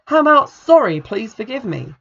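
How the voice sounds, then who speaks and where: A book reviewer reading aloud as an indignant adult woman scolding her sister, with sharp, accusing delivery. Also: mid-range voice, big pitch swings, normal speed, vocal fry, breathy edge, lo-fi sound, voice pushed up, full character voice.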